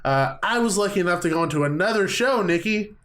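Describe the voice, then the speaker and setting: Young guy cohosting a podcast, kinda high voice, laughs a lot and trips over his words. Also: animated, quick pace, a bit bright. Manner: chatty, laughs often, stumbles over words. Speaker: podcast co-host. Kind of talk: casual podcast chat.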